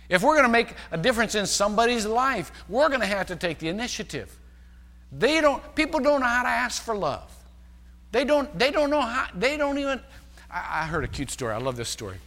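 A male pastor preaching a sermon, telling stories and shifting between loud emphasis and hushed, quiet passages. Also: high-pitched, big-room sound. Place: large church sanctuary.

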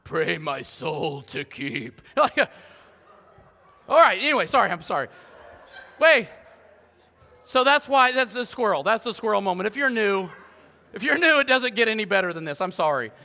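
Pastor guy preaching, high bright voice, jokey asides, echoey church hall. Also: a little fast, creaky, long pauses. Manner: animated, joking asides to the congregation. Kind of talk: sermon. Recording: long church hall reverb.

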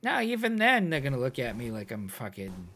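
Profane podcast co-host from New England, bright, jokey, riffs on bits. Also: male voice, mid-range voice, huge pitch swings, a little fast, husky. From New England, USA. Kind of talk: casual chat.

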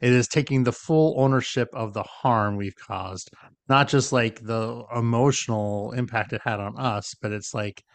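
A man's voice: mid-range voice, moderate pace, dry recording. A man co-hosting a podcast, explaining ideas in casual conversation and often checking in with "right?". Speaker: podcast co-host.

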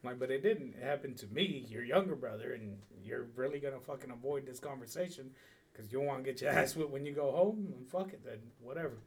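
Husky, laid-back man cursing casually. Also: medium pitch, fast. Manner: laid-back, profane, rambling with restarts. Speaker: podcast co-host. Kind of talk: casual storytelling chat.

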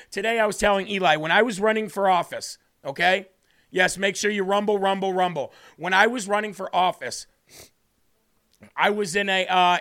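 Fired up dude hosting a live political stream, pretty high pitched, says stuff twice. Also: male voice, sharp tone. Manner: fiery, indignant, repetitive; reads live chat aloud. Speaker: talk show host.

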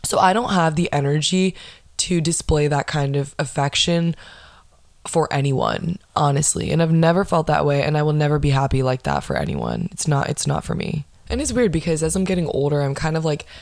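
A young woman with a lowish voice talks casually in a tired, sardonic tone, grumbling about everyone around her. Her voice sits close and dry, with almost no room sound. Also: animated, a little fast, darkish tone, no room sound. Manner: sardonic, weary complaining. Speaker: podcast host. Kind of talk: casual chat.

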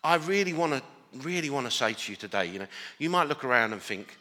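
An earnest man with an English accent preaches a sermon, his bright, forward voice ringing out. He restarts phrases often and builds to emphatic declarations. The sound carries a long hall reverb, as in a church. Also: medium pitch, animated, quick pace. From Northern Ireland. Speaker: pastor.

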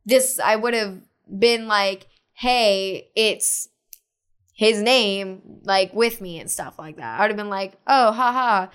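A woman's voice: mid-range voice, a little slow, smooth. A young woman chatting as a podcast guest, telling a personal story. She talks loosely with constant "like" fillers and acts out what others said along the way. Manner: animated retelling with many "like" fillers, acting out quotes.

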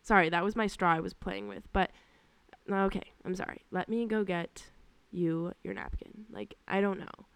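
A young woman hosting her own podcast, telling work stories in a casual, animated and exasperated way. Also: medium pitch, normal speed, creaky, clean tone, no room sound. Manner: animated, exasperated, lots of fillers. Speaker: podcast host. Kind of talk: casual storytelling monologue.

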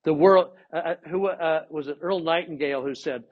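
Man, husky voice, fairly high, animated scripture class teacher, dull lo-fi recording. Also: normal speed. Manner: animated, dramatizes scripture quotes with voice inflection.

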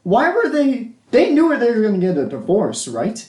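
A young man co-hosting a film podcast, blunt, emphatic and quick to laugh. His voice is fairly high and swings widely in pitch, and it rings in an echoey room. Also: huge pitch swings, darkish tone, distant mic. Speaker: podcast co-host. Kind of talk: casual film review chat.

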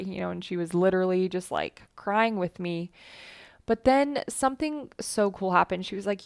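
Woman podcast host, chatty and earnest, bit of vocal fry, dry close sound. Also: mid-range voice, normal speed, no echo. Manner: chatty, earnest, acts out quotes with a lifted voice. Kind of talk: personal storytelling to listeners.

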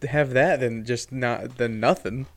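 A man's voice: mid-range voice, a little slow. A man co-hosting a podcast at home, chatting casually and rambling with fillers and restarts. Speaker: podcast co-host. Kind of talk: casual chat.

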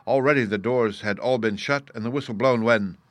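A man narrates an audiobook in a measured, even storytelling style. His voice is mid-range, the scripted narration has no room sound.

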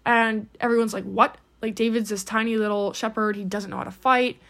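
A woman's voice: on the high side, fairly even intonation, brisk, a bit bright. A woman giving a casual, earnest devotional talk as host, full of "like" and "um" fillers. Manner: earnest, encouraging.

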